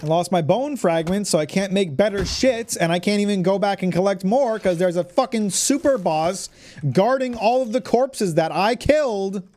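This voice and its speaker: A man's voice: high-pitched, expressive, moderate pace, a little mellow. Exasperated, foul-mouthed male gamer. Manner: exasperated, sarcastic, swears a lot. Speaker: gaming channel host. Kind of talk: let's play gameplay commentary.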